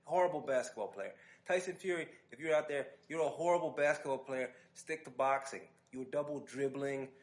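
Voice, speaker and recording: A man hosting a podcast, telling an animated, casual story full of restarts and asides. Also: medium pitch, brisk, hardly any pauses. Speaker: podcast host.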